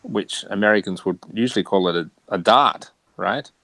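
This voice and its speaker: A man with an Australian accent in a relaxed, chatty conversation, laughing often. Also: fairly low pitch, brisk, rough recording. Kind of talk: casual chat.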